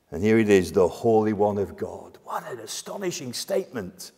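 A man preaching a sermon, emphatic and full of dramatic pauses and asides. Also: a little high, very animated, a little mellow. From half Greek heritage. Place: church. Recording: long church reverb.

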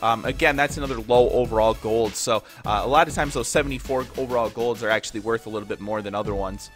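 Faint music sits behind a young YouTuber from Minnesota who chats with viewers as he opens in-game card packs. He sounds congested and nasal, with a mid-range voice and a quick pace.

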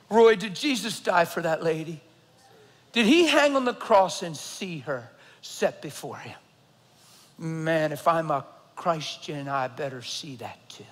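A man preaching a sermon to a church congregation, telling a story and swinging from loud to hushed. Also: a little high, expressive, takes it slowly, pauses often. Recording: long hall reverb.

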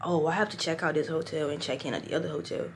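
A hoarse young woman vlogging casually in a hotel room, rambling loosely and swearing now and then. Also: low voice, fairly even intonation, fast, background noise. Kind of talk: casual vlog chat. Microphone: small clip-on mic.

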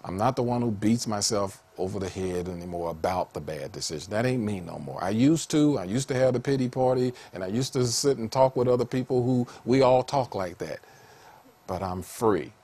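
A man a sermon with a fairly low speaking voice. He talks in an animated way, laughs often and breaks into high, excited calls. His delivery swings between quiet, earnest stretches and loud, joyful peaks. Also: fairly quick, slightly rough. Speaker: preacher.

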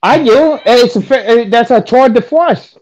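A man's voice: very high-pitched, expressive, measured pace, darkish tone. A man co-hosting a casual chat, rambling and swearing with many restarts. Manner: rambling and profane, lots of restarts. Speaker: co-host.

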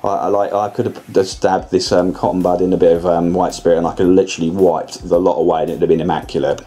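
A man speaks in a somewhat low, warm voice. He narrates a model-building lesson casually, wandering off track and stumbling over restarts. The tone stays easygoing and conversational throughout. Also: level tone, fast, husky. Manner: rambling, chatty, self-correcting, with many restarts.

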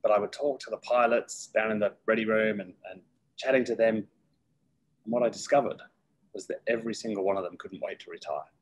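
A middle-aged man, a guest in an interview, telling stories from his career in a lively way and acting out the voices of people he quotes. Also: on the low side, a little fast, rough recording. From United Kingdom. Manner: lively storyteller who acts out quoted voices. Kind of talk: casual interview storytelling.

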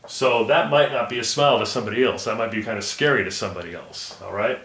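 A man's voice: lowish voice, quick pace, few pauses, fairly bright tone, reverberant, distant mic, slight background noise. A male teacher reading a story aloud and patiently explaining it to his class.

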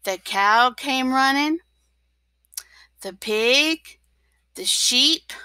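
Kobieta czytająca dzieciom bajkę, bardzo powoli. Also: female voice, sits high, clean tone, dry recording. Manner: slow and expressive, with whispered asides. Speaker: teacher reading aloud. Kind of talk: children's storytime reading.

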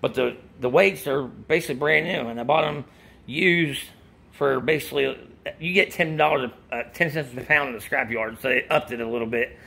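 Gravelly, breathless middle-aged man rambling. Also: mid-range voice, moderate pace, sharp tone. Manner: rambling, restarts sentences often. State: out of breath after working out. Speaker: vlogger giving supplement advice. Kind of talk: casual chat.

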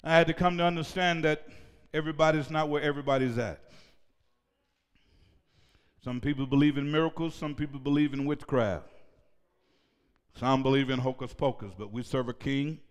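A man's voice: on the high side, fairly even intonation, moderate pace, pauses often, smooth. Preaching man in a reverberant church. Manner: shouting, call-and-response preaching. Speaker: pastor. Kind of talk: sermon. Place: church sanctuary.

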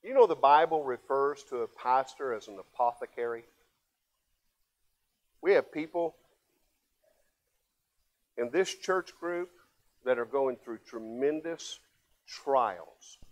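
An older man, a pastor, preaching a sermon, swinging from loud emphatic passages to low quiet asides. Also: animated, slow, long pauses.

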